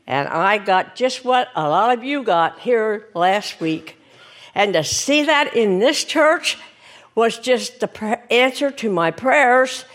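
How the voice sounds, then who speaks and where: A woman from the congregation sharing a heartfelt testimony in church, halting and unhurried. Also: mid-range voice. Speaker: congregation member. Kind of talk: spoken testimony.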